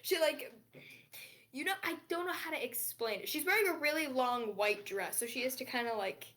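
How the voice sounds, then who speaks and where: A woman's voice: high-pitched, moderate pace, a bit bright. A woman narrating as game master of a tabletop game, giggly and rambling, often stumbling over her words.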